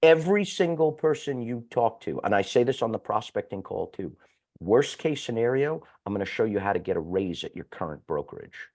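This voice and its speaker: A man's voice: lowish voice, darkish tone. Blunt, profane male sales coach. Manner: fast-talking, blunt and profane. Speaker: guest speaker.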